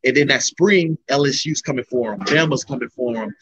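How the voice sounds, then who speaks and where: A young MMA fighter from Florida tells his story in a casual interview, rambling and often restarting sentences. His medium-pitched voice is brisk and fairly bright, with slight background noise on a dull lo-fi recording.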